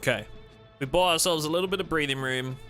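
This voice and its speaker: A man's voice: on the high side, quick pace, pushed and bright, soft background music. A man chatting casually and jokily with viewers while playing a game on a livestream. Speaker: streamer.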